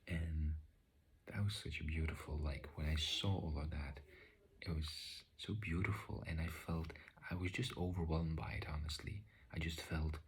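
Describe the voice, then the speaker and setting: A man calmly recounting a spiritual experience, often half-whispering, with many fillers and restarts. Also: rumbling low, normal speed, husky. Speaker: vlogger recounting a spiritual session. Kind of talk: reflective personal account.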